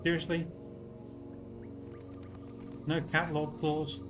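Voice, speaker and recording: A man's voice: fairly high pitch, completely flat delivery, takes it slowly, music in the background, low-quality recording. A man with a British accent, chatting casually and joking with his viewers while streaming a game. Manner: rambling, joking with chat. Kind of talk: casual live-stream chat.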